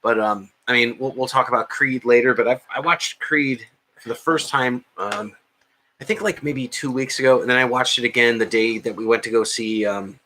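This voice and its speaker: Bright-voiced man rambling about movies. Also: medium pitch, normal speed, slight background noise. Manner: rambling, many fillers and restarts. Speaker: podcast co-host. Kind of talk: casual chat about movies.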